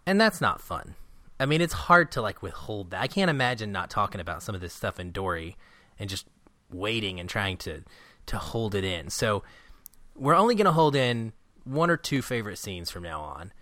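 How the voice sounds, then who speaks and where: Lively podcast host with a low voice. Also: male voice, no echo. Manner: animated, laughing, doing quick impressions of characters. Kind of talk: casual podcast chat.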